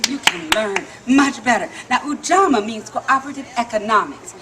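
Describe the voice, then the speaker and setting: A woman storyteller giving an animated, playful live performance at an outdoor theme park stage. She leads the audience in call-and-response and laughs often. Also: on the high side, moderate pace, heavy background noise.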